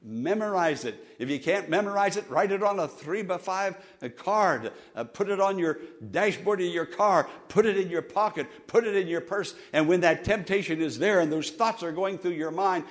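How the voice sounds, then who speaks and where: A pastor preaching a sermon to his congregation, rising to loud emphatic peaks and dropping to hushed storytelling, leading them in call-and-response. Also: high voice, normal speed, few pauses. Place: church sanctuary with congregation.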